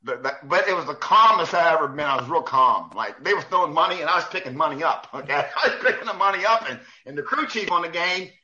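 A man's voice: a little high, expressive, fast talker, few pauses, sharp tone, highs cut off. A man, a referee guest on an interview show, telling stories animatedly, often laughing, repeating words and acting out what others said. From United States. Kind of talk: animated storytelling in a podcast interview.

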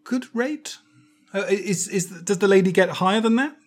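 A man co-hosting a podcast who tells stories in an animated way, laughing easily and restarting his phrases. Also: high-pitched, normal speed. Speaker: podcast co-host. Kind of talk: casual podcast chat.

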